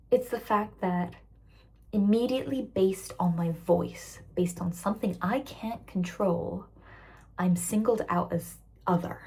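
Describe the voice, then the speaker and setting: A young woman of about twenty with a mixed British-American accent, tired after work, rambling candidly in a casual vlog rant and slipping into soft whispers. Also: medium pitch, breathy edge. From raised internationally, living in Britain. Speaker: waitress vlogger.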